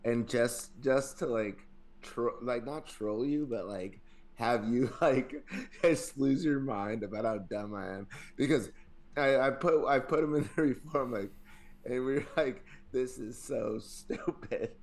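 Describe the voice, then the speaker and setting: A man hosting a podcast in casual chat, excitable and crude, laughing into his own words. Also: mid-range voice, unhurried. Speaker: podcast host.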